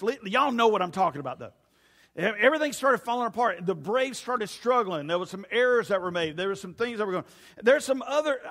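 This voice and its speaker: High-voiced preacher in a reverberant hall. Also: male voice, a bit bright. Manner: rambling, jokey asides, talks to the crowd. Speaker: youth pastor. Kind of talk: casual sermon.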